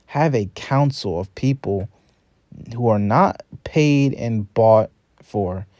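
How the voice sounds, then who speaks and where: A man's voice: medium pitch, warm tone, no room sound. A man hosting a reaction video, giving casual, earnest commentary that builds into a rant.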